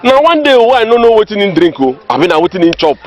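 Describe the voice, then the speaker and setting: A man's voice: sits high, big pitch swings, racing. An actor with a Nigerian accent playing a village man who insistently passes on gossip. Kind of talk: Nollywood comedy film acting. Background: faint background music.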